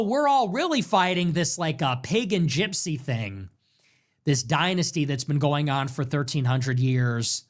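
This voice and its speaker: A man hosting a commentary show, reacting to clips in a mocking, sarcastic way and repeating phrases back. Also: fairly high pitch. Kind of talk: political commentary stream.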